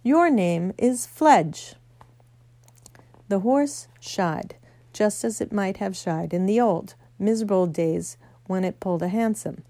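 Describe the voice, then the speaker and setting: A woman reading a children's novel aloud, gentle storytelling with small slips. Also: medium pitch, normal speed, dry recording. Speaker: narrator.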